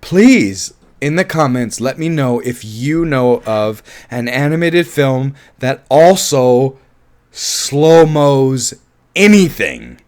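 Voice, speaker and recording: A man casually reviewing a film, animated and laughing often, with offhand swearing. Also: mid-range voice, slow pace. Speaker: movie reviewer.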